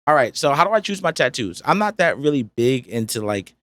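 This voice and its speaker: Casual young guy on a podcast, talks fast and loose, dry sound. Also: mid-range voice, very animated, a bit bright, dry recording. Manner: laid-back slangy talk, quick and rambling. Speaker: podcast guest, rapper. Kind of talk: casual chat. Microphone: studio podcast mic.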